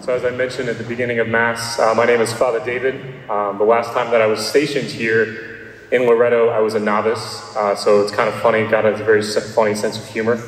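Chatty priest in an echoing church. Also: male voice, lowish voice, level tone, fairly quick, a little hiss or hum. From Nashville, Tennessee. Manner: casual, joking, with frequent fillers. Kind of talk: sermon. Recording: echoey church hall.

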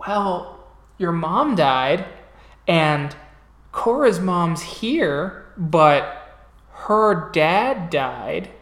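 Game master playing a smooth suited villain. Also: male voice, fairly high pitch, extremely slow, reverberant, heavily acted. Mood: calm menace. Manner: calm, businesslike menace. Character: smooth menacing male villain in a suit.

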